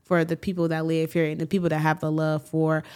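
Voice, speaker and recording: A woman in her thirties from Milwaukee, a guest telling her story in a casual interview with animated bursts. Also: low voice, a little fast, smooth. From Milwaukee, USA. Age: 30s. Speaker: event organizer, guest.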